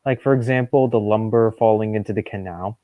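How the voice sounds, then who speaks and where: A man's voice: on the low side, no room sound. A young man in casual chat as a stream guest, chatty and opinionated. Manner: chatty, opinionated, quick agreeing. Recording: dull, dry lo-fi stream audio.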